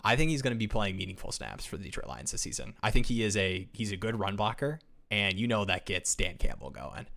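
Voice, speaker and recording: Guy with a lowish voice chatting live, reading chat questions, quick and loose. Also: vocal fry. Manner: energetic, reads viewer comments aloud, many restarts. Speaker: podcast co-host. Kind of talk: casual livestream chat.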